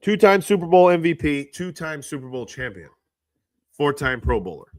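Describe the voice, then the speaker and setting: A man hosting a casual live stream from his phone, reading out statistics and ranting in exasperation, his pitch jumping high when he gets indignant. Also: lively intonation, normal speed, a little mellow, dry recording, studio quality. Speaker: livestream host. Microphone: handheld phone.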